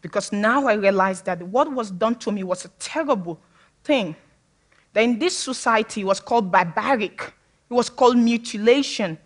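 A woman's voice: medium pitch, normal speed. A woman from Sierra Leone giving a personal talk to an audience, speaking candidly and with humor, often laughing. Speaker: public speaker.

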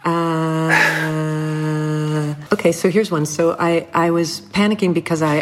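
A middle-aged woman speaking as an interview guest, earnest and reflective, with soft laughs and small restarts. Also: a bass voice.

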